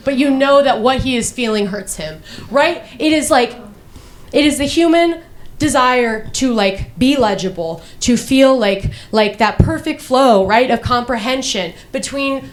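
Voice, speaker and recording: A woman's voice: on the high side, normal speed. A young woman performing a stand-up monologue, rambling and profane, full of "like" fillers and restarts, darkly mocking herself. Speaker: comedian.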